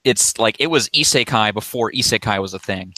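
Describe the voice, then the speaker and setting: A man chatting casually on a podcast, lively, laughing often and throwing in quick asides. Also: fairly low pitch, slight background noise.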